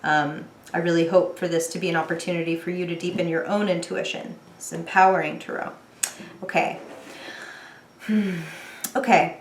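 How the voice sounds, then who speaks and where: A woman's voice: fairly low pitch, steady tone, normal speed, slight background noise. A young woman giving a casual tarot reading straight to her viewers, chatty, with fillers and small laughs. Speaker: tarot reader. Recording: echoey room.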